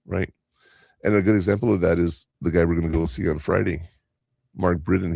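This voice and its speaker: Brief: older male comic host, gravelly low voice, rambling anecdotes. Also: fairly even intonation, mellow, no room sound, clean studio sound. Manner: rambling storyteller, quick asides. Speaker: podcast host and stand-up comedian. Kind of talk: casual podcast chat.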